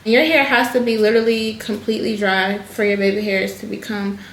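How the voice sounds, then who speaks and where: Her voice is mid-range, level in tone, and fairly quick as this hairstylist vlogger chats viewers through installing a wig, calling them "y'all." The casual tutorial was recorded in an echoey room with faint background noise.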